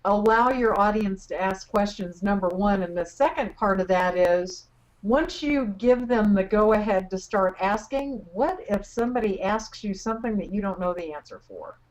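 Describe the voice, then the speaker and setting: A woman's voice: mid-range voice, lively intonation, normal speed, rough recording. A woman co-hosting a radio interview, asking the guest questions in a conversational way. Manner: conversational, inquisitive. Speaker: co-host.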